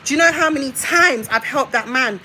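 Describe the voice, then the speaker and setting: Young woman ranting on a live stream, bright sharp voice, confrontational, keeps repeating herself, slightly high. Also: fairly quick, a little hiss or hum, poor audio. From United Kingdom. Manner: confrontational, emphatic, repeats her points. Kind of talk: heated live-stream rant.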